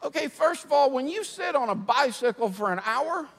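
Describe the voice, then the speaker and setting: A middle-aged man preaching a sermon, moving from humorous storytelling to quiet, earnest preaching. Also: very high-pitched, animated, normal speed. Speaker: pastor. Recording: long hall reverb.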